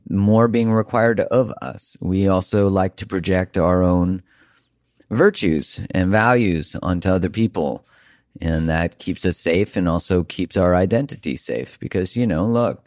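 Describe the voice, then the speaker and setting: A man's voice: deep voice, a little mellow, no echo, clean studio sound. A man hosting a podcast, talking earnestly and emphatically in a reflective monologue, with the odd casual swear. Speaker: podcast host.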